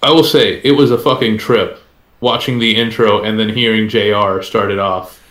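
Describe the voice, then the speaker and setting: A man's voice: fairly low pitch, fairly even intonation, moderate pace, a bit bright, roomy sound. A man co-hosting a casual podcast, rambling and filling gaps with "you know". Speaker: podcast co-host. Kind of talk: casual chat.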